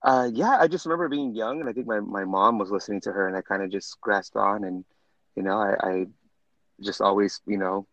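A man's voice: fairly low pitch, a little fast, fairly bright tone, no room sound, lo-fi sound. A man chatting as a podcast guest, campy and drawling, dropping "darling" often. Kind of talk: casual chat.

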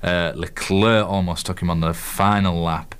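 Yorkshire man, young, co-host; deep smooth voice, rambles with fillers through sports talk. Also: fairly even intonation. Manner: halting, lots of fillers and restarts. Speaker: co-host and quiz master. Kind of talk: casual sports chat.

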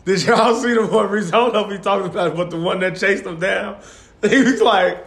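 Male host, very high voice, playful and laughing; echoey room. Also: fairly quick, fairly bright tone. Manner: playful questions and retold anecdotes, laughing. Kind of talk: casual chat.

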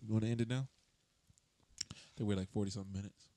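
A man's voice: on the low side, steady tone, fast talker, mellow, slight background noise. A man co-hosting a podcast in casual chat, teasing and laughing often. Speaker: podcast co-host.

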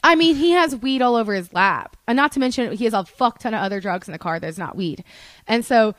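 A young woman telling a casual story as a podcast guest, chatty and animated, swearing freely and saying "like" a lot. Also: a little high, fairly quick, no echo. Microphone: studio podcast mic.

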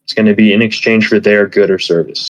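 Podcast guest, male, low voice, loose rambling chat full of fillers, dry lo-fi audio. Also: flat delivery, fairly quick, dry recording. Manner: rambling, lots of fillers and swearing. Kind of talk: casual chat.

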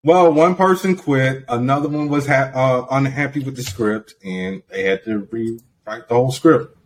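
A man's voice: medium pitch, moderate pace. Level-headed man reading podcast news. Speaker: podcast host. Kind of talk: casual chat, reading news.

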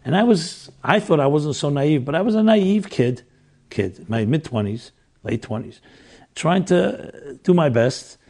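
A man's voice: a little high, lively intonation, unhurried, darkish tone. A rabbi in his sixties telling a personal story in an earnest, reflective way, often restarting his sentences. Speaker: rabbi teaching classes. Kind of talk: storytelling lecture.

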